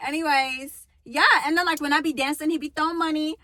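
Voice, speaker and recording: A young adult woman hosting a casual chat, telling stories in an animated, profane way. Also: high voice, fast talker, slight background noise. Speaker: host.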